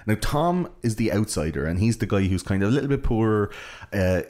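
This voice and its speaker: A man's voice: lowish voice, brisk. A man co-hosting a podcast, chatting casually and rambling about a film, often acting out lines from it. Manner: rambling, animated quoting of characters. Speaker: podcast co-host.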